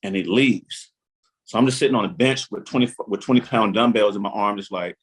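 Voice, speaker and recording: A man's voice: lowish voice, a little fast. A man in his forties telling a long story as a podcast guest, acting out his own inner voice and the lines of others. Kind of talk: animated storytelling.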